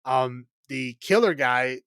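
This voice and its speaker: Casual male podcast host, mid-pitched, chatty and meandering with plenty of "um" and "like", recorded dry and close. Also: takes it slowly, a bit bright, clear, resonant tone, no echo. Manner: rambling, filler-heavy, laughs often. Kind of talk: casual chat recapping a film.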